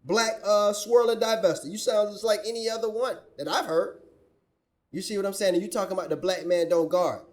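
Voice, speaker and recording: A man's voice: high voice, steady tone, brisk, darkish tone. A man hosting a reaction commentary, scolding and preaching as he rants. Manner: preachy, scolding, quotes scripture. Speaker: commentary channel host.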